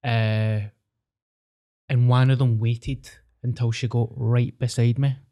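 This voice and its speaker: A young Glaswegian man with a mellow, dark-toned voice, chatting as a podcast co-host. He tells his stories loosely and swears freely, at a mid pitch. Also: level tone, takes it slowly. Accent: Scottish, Glaswegian. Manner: sweary, storytelling, acts out voices. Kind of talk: casual chat.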